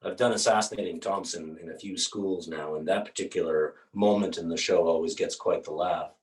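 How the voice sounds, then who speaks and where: In a one-man theatre show, a man with a deep voice narrates a story animatedly and a little fast, adding dramatic asides while painting on stage. The sound is roomy, picked up from a distance.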